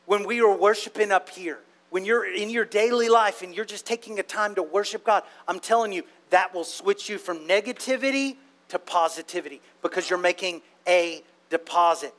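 A man's voice: high-pitched, moderate pace, few pauses, fairly bright tone. A man. His delivery is playful and conversational. He keeps checking in with the congregation through questions. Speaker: preacher. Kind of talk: sermon.

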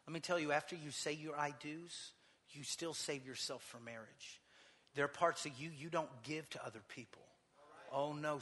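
A man preaching a sermon as pastor. He moves from quiet personal storytelling into fervent, rising exhortation. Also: mid-range voice, big-room sound.

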